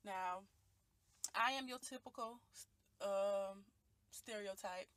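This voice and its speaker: A woman's voice: medium pitch, slow, a bit bright, dry recording. A woman, talking earnestly and from the heart in a personal video monologue recorded on a phone. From Detroit, USA. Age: 20s. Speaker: vlogger.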